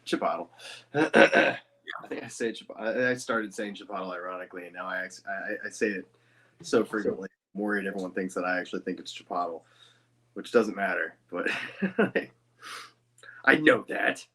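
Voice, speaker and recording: Man, guest voice actor, casual chat, dry teasing manner, lowish pitch, bright forceful tone. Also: a little fast, husky.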